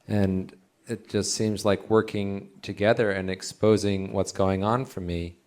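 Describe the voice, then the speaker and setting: A man's voice: sits low, darkish tone. A man in the audience asking a spiritual teacher a question, hesitant and full of restarts. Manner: hesitant, many restarts and fillers. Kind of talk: halting question from the floor. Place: meeting hall, in the audience.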